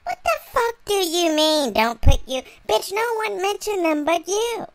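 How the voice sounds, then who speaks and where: Sassy high-voiced woman ranting. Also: big pitch swings, unhurried, a little hiss or hum. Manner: sassy, profane, mocking, laughs between lines. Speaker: vlogger. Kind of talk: profane comedic reaction rant.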